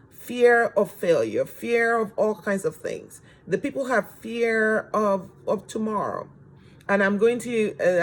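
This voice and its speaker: Earnest man lecturing with rhetorical questions. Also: high-pitched. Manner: repeats phrases for emphasis. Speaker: course instructor. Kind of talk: recorded self-help lecture.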